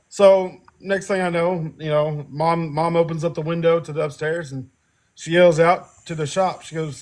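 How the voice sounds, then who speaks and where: A man's voice: fairly high pitch, steady tone, measured pace, a little mellow. A young man co-hosting a casual podcast, animatedly telling a family story, acting out voices and laughing often. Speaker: podcast co-host.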